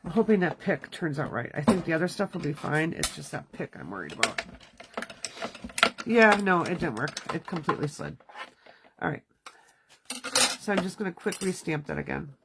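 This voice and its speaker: A woman's voice: deep voice, big pitch swings, moderate pace, long pauses, heavy background noise. A woman in her thirties hosting a casual crafting livestream from her home studio, chatting and talking to herself as she works. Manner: chatty, talks to herself while working. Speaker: card-making livestream host.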